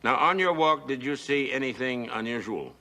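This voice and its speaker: An actor playing a shrewd district attorney in a 1980s TV crime drama, taunting a suspect and questioning witnesses in court. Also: male voice, mid-range voice, lively intonation, moderate pace, pushed and bright. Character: shrewd older male district attorney, blunt. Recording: TV soundtrack with music behind.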